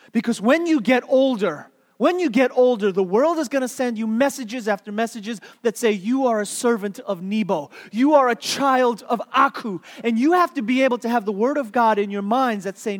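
High-voiced male preacher in a reverberant hall. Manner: animated storytelling, repeats key words for emphasis; playful, asks the audience questions. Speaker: pastor. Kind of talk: sermon.

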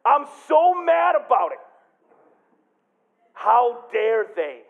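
A man preaching a sermon as pastor, telling a story with big swings from quiet to loud. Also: extremely high pitch, sing-song, takes it slowly, gravelly, narrow, tinny audio. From Michigan.

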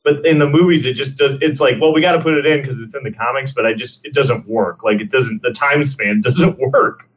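A man's voice: mid-range voice, brisk, hardly any pauses, slightly rough. A man co-hosting a casual movie podcast, rambling with fillers and laughing often. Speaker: podcast co-host.

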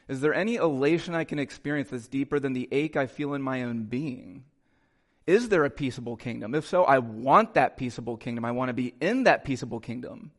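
A male pastor preaching a sermon in a conversational way, with quick asides to the congregation in a church. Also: medium pitch. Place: church sanctuary.

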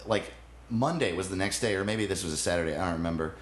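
A comedian guest telling a funny story in casual chat, laughing often and swearing freely. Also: male voice, deep voice, quick pace, reverberant, slight background noise.

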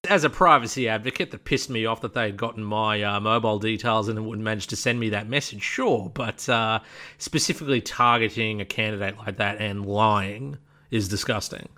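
Man, low voice, measured, plain-spoken, casual chat. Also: sharp tone. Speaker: podcast co-host.

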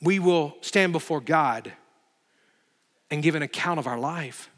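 Brief: male pastor, slightly high, bright forceful voice, emphatic sermon delivery in a reverberant hall. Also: a little slow. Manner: emphatic, building intensity, dramatic retelling.

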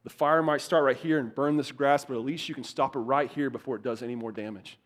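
A young adult man preaching a sermon as pastor, animated, repeating words and swinging from loud bursts to hushed asides. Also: medium pitch, fast talker.

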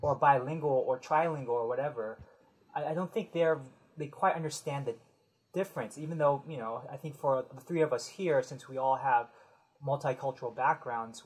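Host, husky timbre, loose chatty delivery that rambles and self-corrects. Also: medium pitch, rough recording. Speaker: podcast host. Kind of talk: casual podcast chat.

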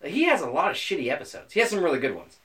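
A young man chats casually as a podcast co-host, swearing freely and teasing his friend. His voice is bright and forward, swinging widely in pitch. He sits a little higher than most men. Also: very animated, racing. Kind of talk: casual chat.

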